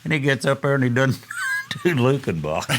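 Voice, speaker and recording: A man's voice: mid-range voice, big pitch swings, normal speed, noisy background. An older man, telling rambling, chuckling stories as an interview guest, full of fillers. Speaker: guest musician. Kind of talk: casual storytelling interview.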